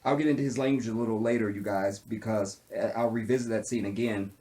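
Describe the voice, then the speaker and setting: A man giving a casual recap of a TV drama episode, animated, with streetwise slang, often acting out the characters' lines. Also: on the low side. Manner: animated, acts out character lines in quick impressions; streetwise slang, repeats tag phrases. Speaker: TV show reviewer.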